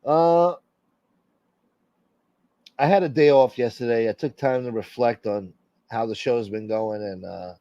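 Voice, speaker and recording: A man's voice: mid-range voice, a little slow, pauses often, warm tone, no room sound, highs cut off. A man hosting a casual live stream, joking and swearing as he greets viewers by name and asks for support. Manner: profane, joking, reading out viewer names. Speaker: livestream host.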